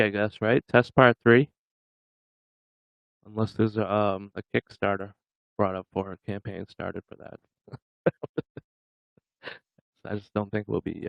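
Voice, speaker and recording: A man's voice: on the low side, creaky, no echo, muffled recording. Jokey man hosting a livestream. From Massachusetts. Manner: jokey, laughing often, chatting with viewers. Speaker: livestream host. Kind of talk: casual livestream chat.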